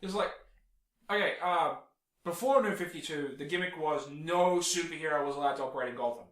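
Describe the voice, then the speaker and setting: A man's voice: on the high side, a little fast, a bit bright, reverberant. A man co-hosting a podcast, rambling through casual chat and swearing freely. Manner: rambling, swears freely, acts out quoted characters. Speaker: podcast co-host. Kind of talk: casual chat about comics.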